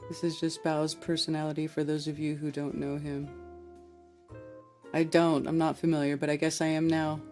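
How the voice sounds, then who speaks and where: A woman's voice: deep voice, level tone, normal speed, a little mellow, soft background music. Easygoing woman hosting a call-in show. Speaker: host.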